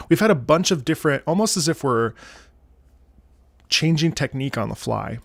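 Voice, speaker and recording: A man streaming casually, rambling in quick asides, swearing freely and laughing loudly. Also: on the high side, vocal fry. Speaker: streamer reacting to music.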